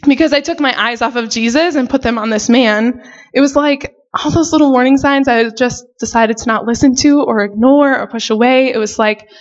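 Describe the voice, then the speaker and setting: A young woman, a missionary, giving a personal faith testimony in an earnest, emotional way with many casual fillers. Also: a little high. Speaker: missionary sharing her testimony. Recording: dull lo-fi recording.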